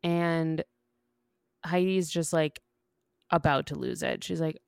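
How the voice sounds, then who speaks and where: Low, smooth woman recapping. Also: a little mellow, no echo, studio quality. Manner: easygoing storyteller, retells scenes with quick acted-out quotes. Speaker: podcast co-host. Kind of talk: casual book recap.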